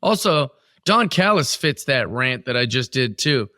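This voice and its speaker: Bright-voiced rambling podcast co-host man. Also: mid-range voice, sing-song, measured pace, no room sound, studio quality. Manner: rambling, stumbling restarts, playful ranting. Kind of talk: casual wrestling chat.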